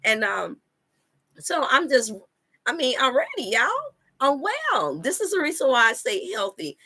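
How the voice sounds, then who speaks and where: A woman speaks to her online viewers in a fairly high, bright voice. She preaches with emphatic repetition and scripture references, addressing the audience as "you all.". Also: sing-song, measured pace, slightly rough. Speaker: wellness coach and channel host. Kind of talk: live-stream preaching talk.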